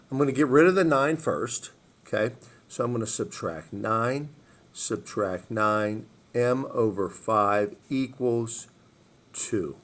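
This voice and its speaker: A man's voice: medium pitch, fairly bright tone. A male math teacher walking students through worked problems step by step, often checking in with "okay?" and "all right?". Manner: step-by-step, repeats phrases, frequent "okay?" check-ins. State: hiccups. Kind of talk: recorded math lesson walkthrough.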